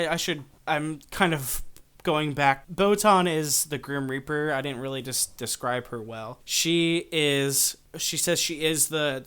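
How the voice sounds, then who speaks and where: A man hosting a podcast, casually retelling an episode with animated storytelling and frequent fillers. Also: fairly high pitch, clean tone. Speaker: podcast host.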